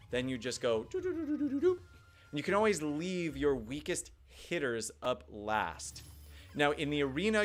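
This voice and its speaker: A man's voice: medium pitch, slight background noise. A young man casually commenting on his game live, thinking aloud and reading viewer chat. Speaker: gaming livestreamer.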